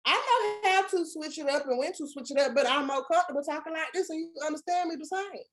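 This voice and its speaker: A young woman with a Southern US accent co-hosting a casual chat, talking in an animated, emphatic, slangy way. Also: high-pitched, fast talker. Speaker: podcast co-host.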